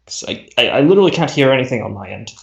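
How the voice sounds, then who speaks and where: A man running a tabletop game, chatting casually between turns with a halting delivery full of fillers and restarts, heard over a voice call. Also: mid-range voice, sing-song, creaky. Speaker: game master. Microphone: voice chat over the internet. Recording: echoey voice-chat audio.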